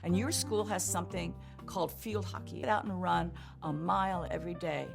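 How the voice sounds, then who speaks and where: A woman's voice: fairly low pitch, brisk, gravelly, music in the background. An older woman in an archival interview, telling stories from her own life and acting out the voices of people she quotes. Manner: animated, acts out quoted voices. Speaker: interviewee recalling her past.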